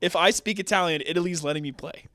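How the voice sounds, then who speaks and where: A man's voice: sits high, quick pace, bright, forceful tone. A young man co-hosting a podcast, talking in casual banter and laughing through his own jokes. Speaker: podcast co-host.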